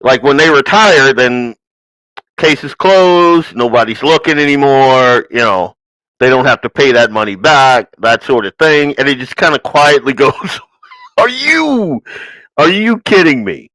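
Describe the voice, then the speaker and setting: Ranting and sarcastic, this political podcast host mocks his targets with asides and put-on quotes. His mid-range voice is a bit bright and moves at a moderate pace, captured in low quality with no room sound.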